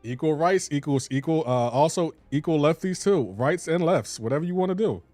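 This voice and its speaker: A man's voice: on the high side, expressive, a little fast, loud music behind the voice. A man in his thirties chatting casually with viewers during a live game stream, teasing and laughing often in slangy banter.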